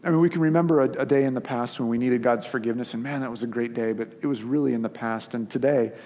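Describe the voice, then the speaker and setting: A man preaching a sermon as a pastor, telling the story in an animated, conversational way. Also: medium pitch, fast, slight background noise. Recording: long hall reverb.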